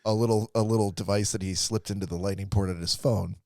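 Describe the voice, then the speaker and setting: Lower-voiced guy, laughing thru a bar story on a podcast, dry close mic. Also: steady tone, quick pace, mellow, dry recording. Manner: laughing storyteller, swears freely. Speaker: podcast co-host. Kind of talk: casual chat.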